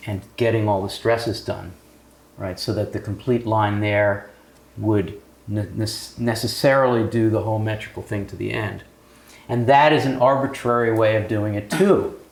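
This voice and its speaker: A man leading a poetry seminar discussion, explaining and asking the group questions. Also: lowish voice. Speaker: discussion leader. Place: arts cafe room. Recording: roomy echo, faint ambience.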